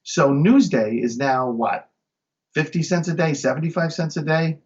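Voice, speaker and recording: A man's voice: on the high side, moderate pace, muffled recording. A man from Long Island, a magician, chatting enthusiastically as an interview guest. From Long Island, New York. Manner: enthusiastic, upbeat storyteller. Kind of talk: casual interview chat.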